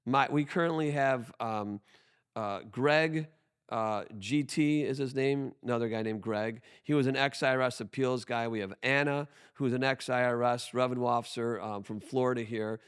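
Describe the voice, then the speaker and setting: A man's voice: mid-range voice, moderate pace, smooth. A man talking as a podcast guest about his business, emphatic and full of restarts. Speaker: guest, tax firm owner. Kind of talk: conversational podcast interview.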